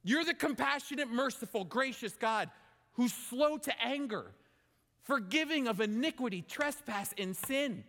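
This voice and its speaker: A man's voice: very high-pitched, animated, measured pace, bright, forceful tone, pitched above the performer's own voice, full character voice. A man voicing a repentant male king, pleading earnestly. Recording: long hall reverb.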